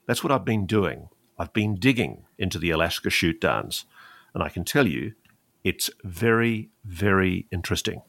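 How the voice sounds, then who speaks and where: A man talks in an animated interview with a deep, low voice, landing his points with emphasis and a sarcastic edge. The recording is dry and close, with no room sound. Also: a little slow, no echo. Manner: emphatic, sarcastic, mocking quoted officials. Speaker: investigative journalist guest.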